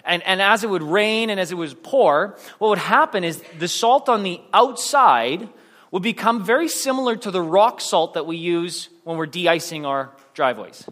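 A man's voice: sits high, expressive, normal speed, fairly bright tone. Man preaching in a reverberant church hall. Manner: conversational, rambling with restarts and self-deprecating jokes. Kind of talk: sermon.

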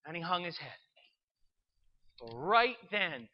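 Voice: medium pitch, animated, measured pace, pauses often. Earnest storyteller on a muffled recording. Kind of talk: Christian story narration.

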